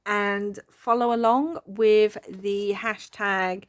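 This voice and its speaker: A woman's voice: mid-range voice, steady tone, slow, smooth. A middle-aged woman hosting a casual craft-journal flip-through, chatty and rambling and prone to giggling. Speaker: craft channel host.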